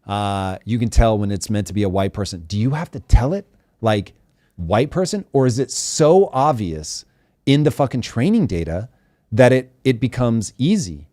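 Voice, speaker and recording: A man with a low voice hosts a live talk show in casual, animated chat. He swears freely and draws out words for emphasis. His voice sounds close and dry, with no room echo. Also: moderate pace. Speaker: show host.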